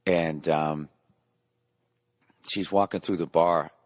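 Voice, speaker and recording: A man's voice: deep voice, fairly even intonation, slow pace, no room sound, studio quality. A middle-aged man hosting a solo podcast, rambling in a profane, sarcastic rant. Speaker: podcast host.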